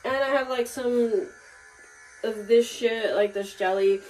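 A woman's voice: a little high, slow pace, a little mellow, faint music behind. A young woman venting in a casual home vlog, angry and swearing, with many fillers. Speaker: vlogger. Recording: audible background noise.

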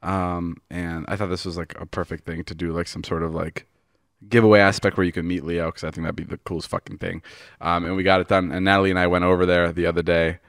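A man hosting a podcast in a studio, telling a story in an excitable, casual way, swearing often and using lots of fillers. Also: sits low, quick pace, no room sound. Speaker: podcast host. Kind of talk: casual chat.

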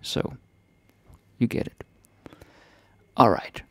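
A man gives a casual language lesson in a chatty, relaxed way, saying phrases slowly and then repeating them at full speed. The studio recording is clean with no echo.

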